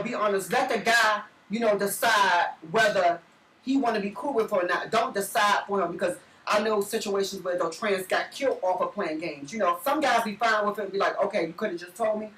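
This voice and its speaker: A woman's voice: mid-range voice, a bit bright. A young trans woman reflecting on her experiences in a chatty, filler-heavy way during a casual interview. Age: young adult. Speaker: co-host. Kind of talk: casual storytelling. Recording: echoey room, far from mic.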